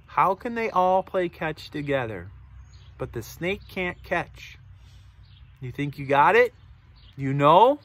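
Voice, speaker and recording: A man's voice: on the high side, takes it slowly, pauses often. A man reading a picture book aloud to children, stopping to ask them questions. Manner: animated, asks listeners questions. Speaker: storybook reader.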